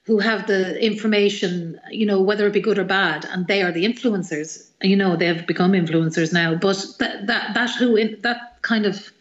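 A middle-aged woman with an Irish accent, a singer-songwriter telling animated, rambling stories as a guest in an interview. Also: medium pitch, normal speed, few pauses, echoey room, dull audio. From Ireland. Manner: rambling, animated anecdotes with many fillers. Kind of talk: radio interview storytelling.

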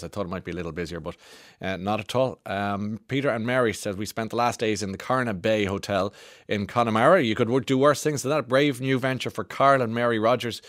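A man's voice: fairly low pitch, dry recording. A man with an Irish accent hosting a radio show, reading out listener texts in a chatty way with enthusiastic interjections, on a studio microphone. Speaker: radio host.

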